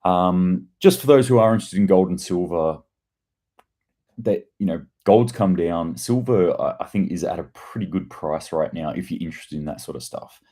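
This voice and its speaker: Low-voiced man ranting. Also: normal speed, warm tone. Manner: profane, ranting, sarcastic asides. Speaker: host of a daily news commentary show. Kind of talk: casual livestream commentary and rant.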